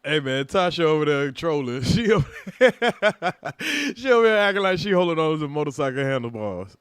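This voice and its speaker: A man with a slightly raised pitch who cuts in with short, wry comments as host of a casual commentary show. His voice sounds close and dry, with no room around it. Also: very animated, moderate pace, a bit bright, smooth, no echo. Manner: interjecting, wry remarks.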